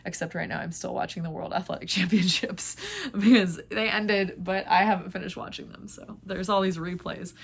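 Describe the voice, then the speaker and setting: A woman's voice: lowish voice, fairly even intonation, moderate pace, vocal fry, husky. A woman hosting a knitting vlog, chatting casually and rambling with lots of filler words. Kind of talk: casual chat.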